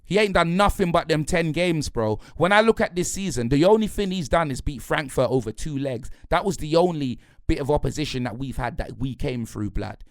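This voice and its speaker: A man's voice: on the high side, expressive, a little fast, hardly any pauses, no room sound, clean studio sound. A man ranting angrily about his football team, in heavy slang. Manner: heated, slangy, repetitive, punctuates lines with "blood" and "fam". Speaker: football fan pundit. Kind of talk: angry football rant.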